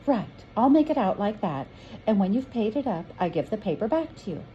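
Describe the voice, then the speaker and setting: A woman's voice: mid-range voice, big pitch swings, fairly quick, warm tone, a little hiss or hum, voice pushed up, natural voice, poor audio. A woman reading aloud from a storybook, voicing a kindly older woman who keeps a sweet shop, with a homely, motherly manner.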